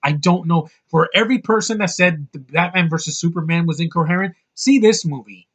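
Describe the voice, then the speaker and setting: A man's voice: on the high side, fairly quick, fairly bright tone. A man giving an angry, profane film review, full of sarcastic asides. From United States. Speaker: movie reviewer.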